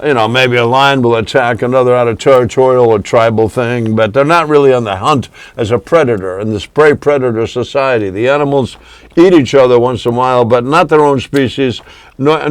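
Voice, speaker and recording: Man, earnest guest poet, rambling, talks over the host, dry sound, middle pitch. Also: a little fast, clear, resonant tone, dry recording, low-quality recording. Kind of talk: reciting a poem, then casual interview talk.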